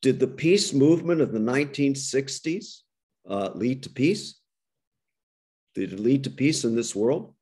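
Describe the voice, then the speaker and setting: A man's voice: medium pitch, expressive, a little slow, a little mellow. An older man, a rabbi, gives a reflective interfaith talk over a video call, often restarting his phrases and then posing rhetorical questions to his listeners. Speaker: rabbi and guest speaker.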